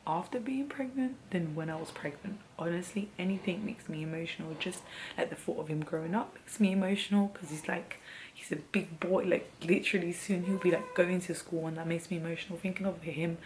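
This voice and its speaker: A woman's voice: on the low side, brisk, a little mellow, a little hiss or hum, low-quality recording. A young woman vlogging candidly and heartfelt about life after having a baby, rambling and getting teary as she talks. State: teary, emotional. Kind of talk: candid personal vlog.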